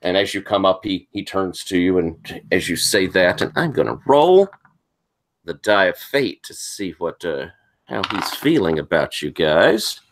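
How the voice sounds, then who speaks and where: A man's voice: deep voice, very animated, measured pace, slight background noise. Laid-back male game master. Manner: easygoing, rambling with fillers. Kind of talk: narrating a tabletop game.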